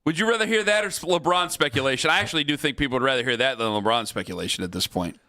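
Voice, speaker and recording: A man's voice: medium pitch, rapid-fire, sharp tone. A man hosting sports talk radio, animatedly telling a funny story and acting out the other people in it.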